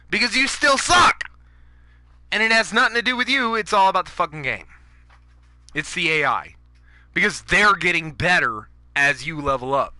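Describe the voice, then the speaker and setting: A man's voice: a little high, sharp tone, dry recording. A man ranting over gameplay, profane and fired up, going after other players' habits. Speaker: gaming YouTuber.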